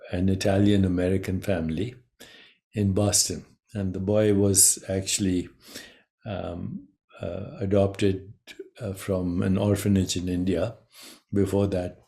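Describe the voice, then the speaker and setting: A man giving a measured, reflective talk on consciousness as a spiritual teacher, pausing between phrases. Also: low voice, darkish tone.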